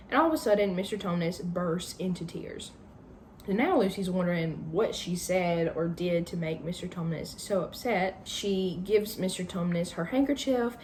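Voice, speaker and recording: Brief: chatty woman, low-ish voice, casual plot summary, lots of "like" and "I think". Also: a little mellow, a little hiss or hum. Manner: chatty, hedging with fillers. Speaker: book channel host.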